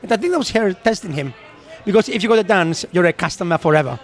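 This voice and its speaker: A man's voice: high-pitched, lively intonation, fast talker. A man co-hosting a podcast, telling a story in casual chat, acting out quotes and laughing often. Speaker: podcast co-host.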